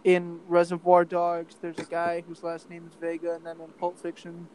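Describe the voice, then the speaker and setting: A man's voice: fairly high pitch, monotone, normal speed, darkish tone, rough recording. A man chatting casually on a podcast, rambling with many fillers and restarts. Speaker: podcast co-host. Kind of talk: casual chat.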